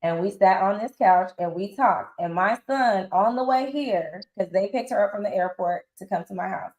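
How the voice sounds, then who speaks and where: Medium in pitch and moderate in pace, this woman in her forties is recorded with roomy sound and poor audio quality. She's a reality show guest giving candid interview storytelling, blunt and casual with slang. She's lively about it, performing others' lines in quotes.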